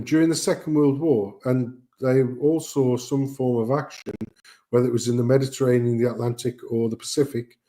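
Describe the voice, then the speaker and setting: A man's voice: mid-range voice, warm tone. A middle-aged man, telling rambling family anecdotes in casual chat, joking and swearing as he goes.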